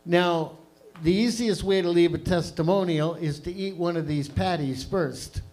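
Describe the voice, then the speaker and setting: A man's voice: high voice, a little slow, a little mellow. A man in his fifties from Canada hosting an open mic, ranting through a profane stand-up set on a comedy club stage. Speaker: stand-up host.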